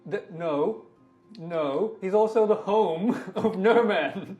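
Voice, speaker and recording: A man's voice: sits high, slow, darkish tone, husky, lo-fi sound, faint music behind. A man playing a tabletop game, joking and rambling playfully in character with the group. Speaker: player.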